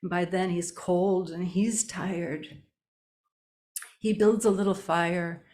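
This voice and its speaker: A woman telling a folk tale live, slow and deliberate with long pauses. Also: fairly low pitch, fairly even intonation, darkish tone. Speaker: storyteller. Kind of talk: live oral storytelling. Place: storytelling event indoors.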